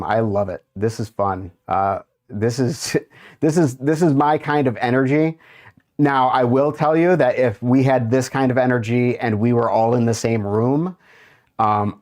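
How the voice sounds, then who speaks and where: A man hosts a relaxed livestream, reading his viewers' chat out loud and muttering to himself as he browses. His mid-range voice has a darkish tone, and he takes his time, tossing in amused asides.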